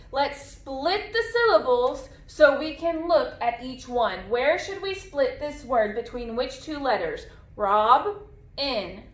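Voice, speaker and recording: Slow-paced woman teaching phonics, echoey room. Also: sits high. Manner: slow, clear, drawn-out modeling of sounds with repetition. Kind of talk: phonics lesson for young children.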